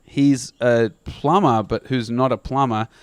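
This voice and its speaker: A man's voice: mid-range voice, steady tone, measured pace, clear, resonant tone, no echo. A man ranting through a comic story on a podcast, swearing and slipping into put-on voices. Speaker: podcast co-host. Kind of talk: casual comedic storytelling.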